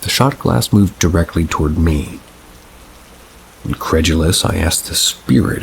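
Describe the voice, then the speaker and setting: A man reading first-person paranormal stories aloud in a measured, unhurried storytelling manner. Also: sits low, lively intonation, gravelly, a little hiss or hum, rough recording. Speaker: narrator.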